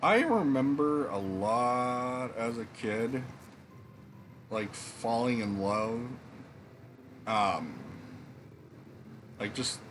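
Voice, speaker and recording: A man giving casual, rambling gameplay commentary, swearing freely and pausing with fillers. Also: mid-range voice, lively intonation, a little hiss or hum. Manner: rambling, profane, hesitant. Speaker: let's play gamer.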